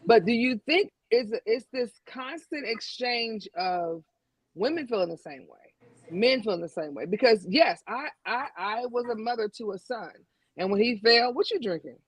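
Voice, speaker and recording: A woman's voice: fairly high pitch, expressive, normal speed, slightly rough, no echo, rough recording. A woman on a talk show panel who is chatty and affirming, often restarting her sentences. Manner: chatty, affirming, stumbles over her words.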